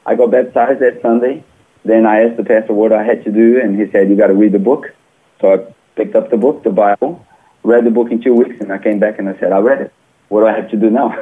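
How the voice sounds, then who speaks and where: Man, earnest testimony, lowish pitch, tinny phone line. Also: quick pace, breathy edge. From Brazil. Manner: earnest, animated retelling with small grammar slips. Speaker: interview guest. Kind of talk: personal testimony storytelling.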